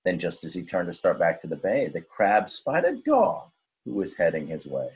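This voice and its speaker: A male teacher reading a rhyming story aloud in an expressive, sing-song way. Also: low-pitched, moderate pace, slightly rough.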